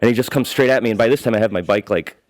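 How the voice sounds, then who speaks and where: A man who is a guest comedian, telling crude stories in a casual chat and shouting out the lines he quotes. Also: fairly low pitch, racing, no echo.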